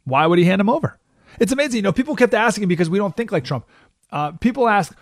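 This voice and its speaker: A male talk radio host with a gravelly edge and a pitch that climbs and dips as he tells his stories. His voice sits fairly high, and the sound is close and dry. He keeps checking in with rhetorical questions. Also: fast talker, dry recording. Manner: animated storytelling with frequent rhetorical "right?"; acts out quoted voices.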